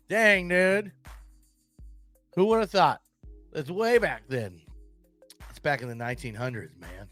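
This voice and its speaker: A man hosting a casual solo podcast, rambling and excitable, with crude military-maintainer humor. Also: fairly high pitch, a little slow, pauses often, no room sound, soft background music. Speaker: podcast host.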